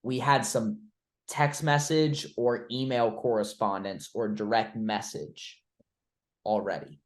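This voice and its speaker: A man's voice: fairly low pitch, takes it slowly. A man coaching a trainee through cold-call role-play, blunt and informal, with the odd swear word. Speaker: recruiting coach.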